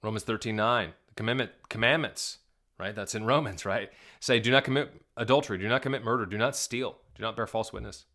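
A man's voice: lowish voice, fairly quick, sharp tone. A male pastor giving video reaction commentary, emphatic and indignant, firing rhetorical questions at his viewers. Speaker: Southern Baptist pastor.

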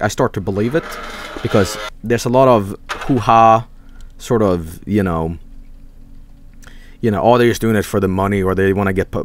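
Young guy streamer rambling through a story, swears a ton, yelps his quoted lines high, dry close mic. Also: no echo. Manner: animated, swearing, mock-shouting quoted voices. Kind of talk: casual storytelling while gaming.

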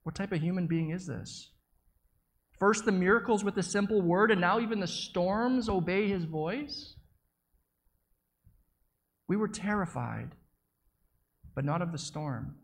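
This preacher's medium-pitched voice moves at a measured pace, broken by long pauses. He relates what he saw himself in vivid, dramatic terms, with occasional stumbles and repeated words.

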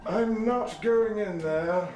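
A man's voice: high voice, faint music behind. A man playing a weary old butler. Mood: deadpan. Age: older. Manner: slow, deadpan politeness. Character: weary bald eighty-year-old butler, dry and resentful.

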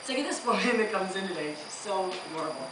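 A woman in her thirties from Chicago, doing chatty, animated stand-up on a theater stage. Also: mid-range voice, fast. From Chicago, USA. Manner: chatty, animated storyteller with frequent laughs. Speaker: stand-up comedian. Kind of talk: stand-up comedy. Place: theater stage with live audience. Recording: roomy theater, mic far off, audience noise.

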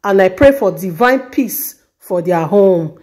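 A woman's voice: mid-range voice, lively intonation, slow, darkish tone. A woman host with a Nigerian Pidgin accent talks to her viewers in a chatty, preachy way. Her voice swings up and down a lot as she comments and prays aloud. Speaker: channel host. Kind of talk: casual commentary.

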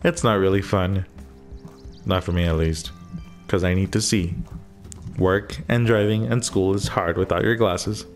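A man's voice: sits low, steady tone, unhurried, long pauses, soft background music. A man giving laid-back, joking commentary while playing a video game. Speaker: gaming streamer. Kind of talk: casual let's-play commentary.

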